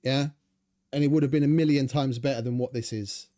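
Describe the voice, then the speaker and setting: A man's voice: medium pitch, steady tone, fairly quick, mellow. A young man giving rambling, sarcastic, swearing commentary over his gameplay. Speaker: gaming channel host.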